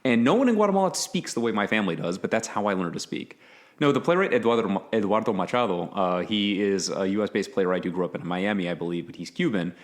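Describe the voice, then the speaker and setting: A man's voice: on the low side, lively intonation, quick pace. A man in a casual podcast chat, telling anecdotes and laughing easily.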